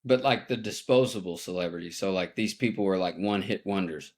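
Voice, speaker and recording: A man co-hosting a casual podcast with friends, animated and fond of acting out what others said. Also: low voice, fairly quick. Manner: animated, acts out quoted voices. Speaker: podcast co-host. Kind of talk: casual chat among friends.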